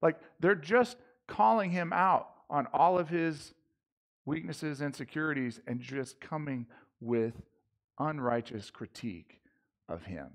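Gravelly-voiced pastor, casual and slangy. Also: male voice, fairly high pitch, animated, a little slow. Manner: casual, slangy, restarts often. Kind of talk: casual sermon. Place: church sanctuary.

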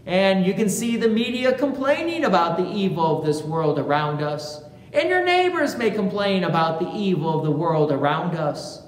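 A pastor delivers a sermon at an unhurried, deliberate pace, with a voice that rises and falls widely. The words ring through a large, reverberant church sanctuary, with a faint hum of room ambience underneath. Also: mid-range voice. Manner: slow, deliberate preaching with animated voiced quotations.

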